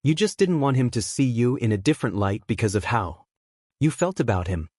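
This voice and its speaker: A man's voice: medium pitch, very animated, a little fast, darkish tone, no echo. Man narrating a story, dry close sound. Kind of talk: scripted narration of reader-insert fan fiction.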